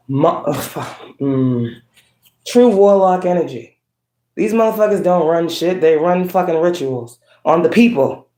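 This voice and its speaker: A woman rants bluntly into the camera, swearing freely and breaking into laughs between her points. Her voice drops low and slow, then jumps up sharp when she gets worked up. The room around her sounds echoey and bare. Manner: swings from low drawn-out tones to sharp high outbursts. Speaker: spiritual livestream host. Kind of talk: casual ranting monologue.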